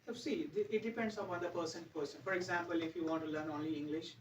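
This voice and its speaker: A man's voice: fairly high pitch, fairly even intonation, fast, a little hiss or hum. An Indian man teaching spoken English to a class, earnest and repeating his points to explain them. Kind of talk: classroom speaking lesson. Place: classroom with podium. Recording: roomy, dull, distant classroom sound.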